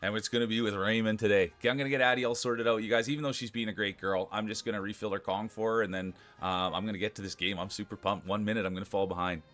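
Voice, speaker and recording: A man streaming live, chatting casually and excitedly with his viewers and thanking them by name. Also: fairly low pitch, racing, few pauses. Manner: excitable, talks straight to chat.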